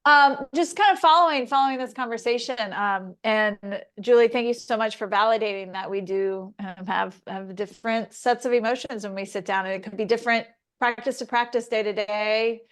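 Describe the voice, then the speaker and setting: A woman sharing in an online mindfulness class over a video call, talking in a reflective and halting way with many fillers. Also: a little high, clean tone. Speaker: class participant.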